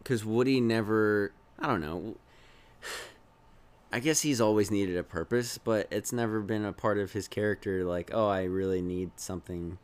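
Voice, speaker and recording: This male podcast host, fairly low-pitched and smooth, speaks a little slowly as he chats loosely about a film. His talk rambles, with chuckles and sentences left unfinished.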